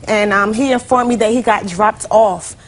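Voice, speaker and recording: A woman's voice: mid-range voice, fairly even intonation, normal speed. A woman in her twenties, a plaintiff in a TV courtroom, telling her story chattily with lots of "like" and "you know". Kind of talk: courtroom testimony.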